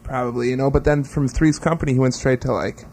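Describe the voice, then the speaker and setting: A man's voice: mid-range voice, fairly even intonation, fast, gravelly, darkish tone, slight background noise. A man co-hosting a casual talk show, rambling and self-mocking, with many fillers. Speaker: podcast co-host. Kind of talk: casual banter.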